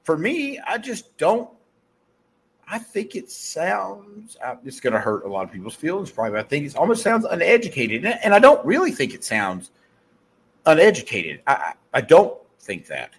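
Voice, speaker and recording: Animated, slightly husky Southern-accented man. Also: fairly high pitch, moderate pace. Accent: Southern US, softened. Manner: blunt, profane, animated pep talk with self-corrections. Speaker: podcast host. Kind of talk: casual motivational monologue.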